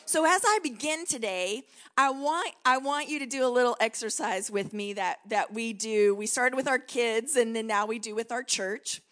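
A woman's voice: on the high side, moderate pace, fairly bright tone. A woman in her forties with a Texan accent, preaching as a guest pastor in an encouraging manner and leading the congregation in call-and-response. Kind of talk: sermon.

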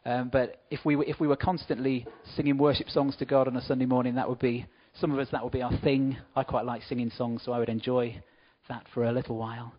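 A man gives a relaxed, conversational talk to a church congregation, throwing in friendly asides between points. His voice sits at a middle pitch. The recording sounds a little muffled and dull. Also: fast, hardly any pauses. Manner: chatty, warm asides to the congregation. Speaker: church speaker.

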